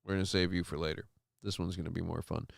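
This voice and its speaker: A man's voice: low-pitched, little pitch movement, fast, vocal fry, no echo, clean studio sound. A man hosting a late-night livestream, chatting casually and cracking crude jokes over clips. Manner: crude joking, acts out voices. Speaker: show host.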